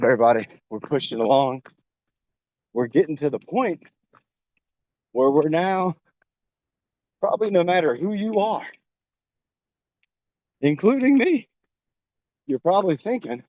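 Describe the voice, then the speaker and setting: A man's voice: on the high side, darkish tone, dry recording. A man coaching a workout while jogging outdoors, encouraging and a little out of breath. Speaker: fitness coach. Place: outdoors on a trail.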